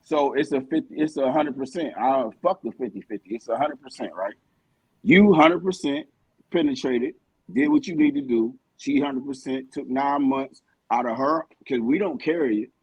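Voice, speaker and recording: A man's voice: medium pitch, moderate pace, a little mellow, slightly rough, no room sound, poor audio. A man co-hosting a podcast, arguing his point bluntly and emphatically with a lot of swearing. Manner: blunt, emphatic, heavy profanity. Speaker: podcast co-host. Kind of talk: heated casual debate.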